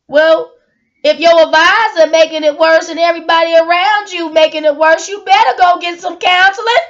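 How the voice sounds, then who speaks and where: A woman's voice: extremely high pitch, fairly even intonation, normal speed, fairly bright tone, muffled recording. Earnest woman in an emotional vlog. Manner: emotional, earnest, repeats words, rhetorical questions. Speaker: single mother sharing her story. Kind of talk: personal vlog monologue.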